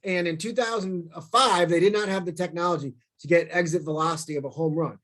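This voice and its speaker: A man from St. Louis giving a storytelling talk, animated and self-deprecating, acting out quoted lines in bursts. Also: a little high, brisk. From St. Louis, USA.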